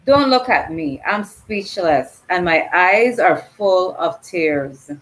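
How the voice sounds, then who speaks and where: A woman with a Crucian Virgin Islands accent reading the part of an earnest, grieving Crucian woman, at a slow, emotional pace. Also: lowish voice, lively intonation, low-quality recording. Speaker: reader voicing a dialogue character. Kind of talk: dramatic reading of a dialogue.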